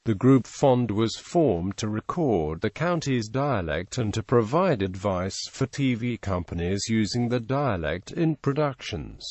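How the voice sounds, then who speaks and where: A computer-generated man's voice reads an encyclopedia article in a steady, mid-pitched tone and calls out punctuation marks as words. The sound is close and dry, with no room around it. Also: dry recording. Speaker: narrator. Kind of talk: synthetic reading of an encyclopedia article.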